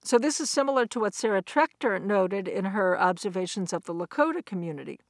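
A middle-aged woman giving a recorded academic lecture, explaining points step by step in a measured, clear way. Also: medium pitch, animated, no echo, clean studio sound. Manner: measured, explanatory, with quoted examples.

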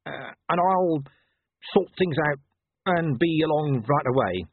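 A weary male watch commander speaks in clipped, gruff bursts with a lively pitch, as a man plays him. The voice is husky and the sound is thin and dry like a phone line. He is blunt and awkward with feelings. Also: measured pace, no echo, full character voice.

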